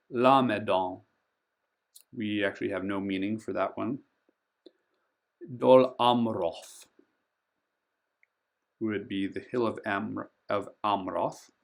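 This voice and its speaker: A man hosting a pronunciation tutorial over a game map. He speaks slowly and carefully, draws out and stresses each name he teaches, and fills pauses with frequent ums. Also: on the low side, vocal fry. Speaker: board game channel host.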